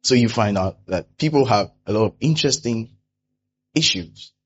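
A man preaches a sermon as a pastor, animated, and he keeps slipping into the voices of the people he describes. The recording is somewhat dull and lo-fi. A faint hum sits underneath his voice. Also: fairly low pitch, moderate pace. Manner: animated preaching, acting out quoted complainers.

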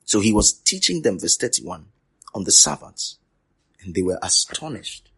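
A man's voice: low-pitched, very animated, normal speed, breathy edge. A man preaching a sermon to trainee teachers, emphatic and repetitive, dropping to near whispers and rising again. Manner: repetitive, emphatic, swings from loud to quiet.

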